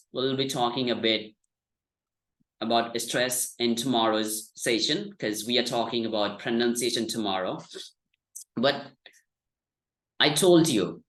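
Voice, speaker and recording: A man's voice: mid-range voice, a bit bright. A man teaching an online English lesson, explaining patiently and exaggerating stressed syllables to demonstrate. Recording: echoey room.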